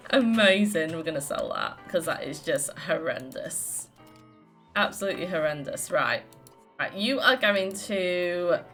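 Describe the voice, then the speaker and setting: A woman casually commenting on her life-simulation game, chatty and quick to exclaim, often voicing her characters' lines. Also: lowish voice, fairly bright tone. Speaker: let's play host.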